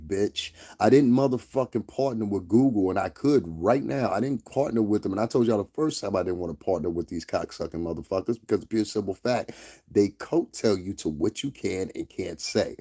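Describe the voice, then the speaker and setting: Livestream host, male, deep dark voice, profane and fired-up ranter. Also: husky. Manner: blunt, heated, profane, repeats "you understand what I'm saying".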